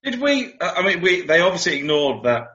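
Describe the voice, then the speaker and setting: A man with a bright, forceful voice asks curious follow-up questions in a casual podcast chat. His voice has a dull, lo-fi sound and an echoey room around it. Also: high-pitched, very animated, brisk. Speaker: podcast co-host.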